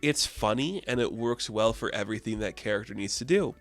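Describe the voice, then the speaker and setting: A man's voice: fairly low pitch, lively intonation, a little fast, a bit bright, faint music behind. A man giving a casual spoken review of a TV season, chatty and earnest with lots of fillers.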